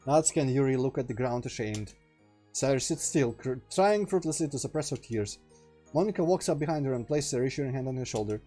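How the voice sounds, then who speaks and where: A man's voice: mid-range voice, animated, quick pace, dark tone, soft background music. A young man streaming a visual novel, reading the narration aloud and muttering casual asides.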